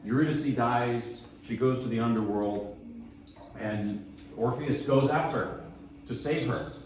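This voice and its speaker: A man speaks casually at a piano recital, rambling a little and poking fun at himself. His voice comes from a distance in a very echoey room. Steady background noise fills the space behind him. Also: medium pitch, a little slow. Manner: relaxed, rambling, self-deprecating, with chuckles. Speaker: pianist giving a lecture recital. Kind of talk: casual spoken introductions between pieces.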